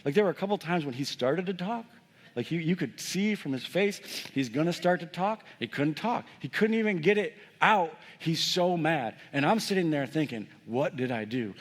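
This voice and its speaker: A man preaching a sermon, telling a personal story with lively, self-mocking humor and talking straight to the congregation. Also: on the high side, normal speed. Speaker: pastor. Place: church sanctuary. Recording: long church reverb.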